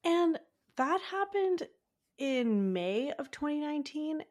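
A woman's voice: sits high, animated, slow, darkish tone. A woman guest on a podcast in casual chat, hedging, laughing often and restarting her sentences as she recounts.

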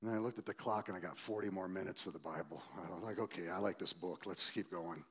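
Pastor, man, 60s, storytelling sermon, lively and shifting in loudness. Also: quick pace, husky. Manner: animated, acts out quoted voices loudly, then drops low and quiet.

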